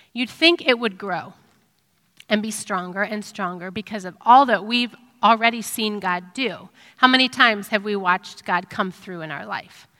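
A middle-aged woman giving an earnest, reflective devotional sermon, pausing with ums. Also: mid-range voice, pushed and bright. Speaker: speaker giving a devotional talk. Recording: long reverb of a hall.

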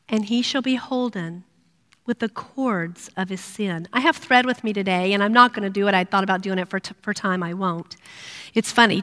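A middle-aged woman giving a sermon to women, earnest and personal, dropping to a hush when she voices prayers. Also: medium pitch. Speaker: women's ministry speaker. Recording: long reverb of a hall.

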